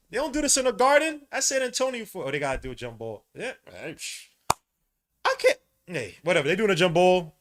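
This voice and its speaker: A man, hosting a podcast and giving live, slangy commentary while watching a basketball game, getting loud at big plays. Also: mid-range voice. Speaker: podcast host.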